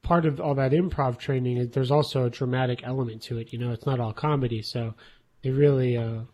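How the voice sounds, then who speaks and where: Joking man with a middle-pitched voice. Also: steady tone, fairly quick, mellow, highs cut off. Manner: joking, hesitant with many uhs. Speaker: podcast co-host. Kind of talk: casual chat.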